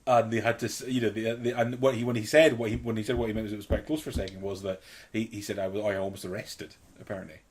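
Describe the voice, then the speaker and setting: A man's voice: fairly low pitch, level tone, racing. A man telling stories in a casual chat, laughing often and restarting his sentences. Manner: storytelling, laughs often, self-interrupting. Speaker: guest.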